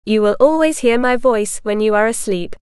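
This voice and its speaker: Calm female hypnotist doctor read by a woman, smooth, soft and slow, dry close sound. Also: fairly high pitch, no echo, close to an everyday voice. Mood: soothing. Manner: soft, slow, soothing repetition. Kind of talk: storybook reading.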